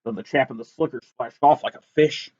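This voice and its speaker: A man reading a rhyming picture book aloud in a lively, sing-song, rhythmic way. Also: medium pitch, fairly quick, husky. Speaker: reader. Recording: dull lo-fi recording.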